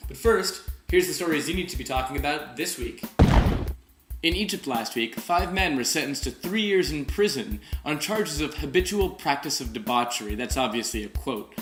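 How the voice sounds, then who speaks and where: A man's voice: fairly high pitch, lively intonation, moderate pace, reverberant, music in the background. A man hosting a weekly political commentary show, wry, opinionated and direct. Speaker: host.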